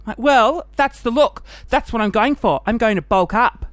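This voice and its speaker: A man hosting a casual solo podcast, out of breath after the gym, animated and self-mocking, sometimes dropping into a whisper. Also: sits high, fast, few pauses, no room sound. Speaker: podcast host.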